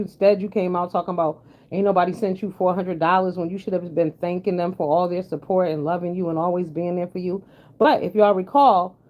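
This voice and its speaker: Woman vlogger, blunt and profane commentary, dull lo-fi recording. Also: fairly low pitch. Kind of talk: casual commentary chat. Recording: dull lo-fi sound.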